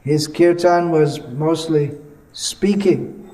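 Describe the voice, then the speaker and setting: Monk guy giving a slow religious talk, kinda high voice, lots of pauses and restarts. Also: mellow, poor audio. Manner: halting, many pauses and restarts; measured, explanatory. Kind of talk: religious lecture.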